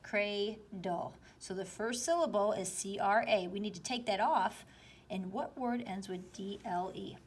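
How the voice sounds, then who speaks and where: A woman teacher slowly and patiently walking students through a spelling worksheet, step by step. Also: mid-range voice, husky. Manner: slow, patient, explaining step by step. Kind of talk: spelling lesson walkthrough.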